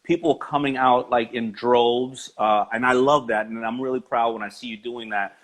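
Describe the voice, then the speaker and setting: A man's voice: mid-range voice, fairly even intonation, normal speed. Laid-back man hosting a video call. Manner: laid-back, lots of fillers and affirmations. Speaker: host. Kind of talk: casual chat on a live video call.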